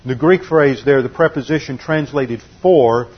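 A man's voice: mid-range voice, a little slow, breathy edge, muffled recording. A man preaching a sermon, teaching carefully and explaining the meanings of Greek and Hebrew words.

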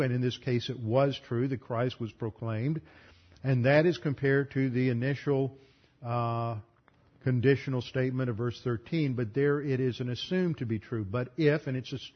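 Methodical male Bible teacher, muffled recording. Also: mid-range voice. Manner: methodical, explanatory, spells out terms. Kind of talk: Bible study lecture.

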